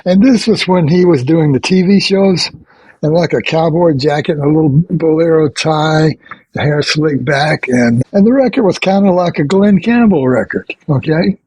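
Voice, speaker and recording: An older man, a veteran session bassist, telling rambling anecdotes in a podcast interview and chuckling between stories. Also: normal speed, a little mellow, husky, dry recording, rough recording. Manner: rambling anecdotes with restarts and quoted dialogue.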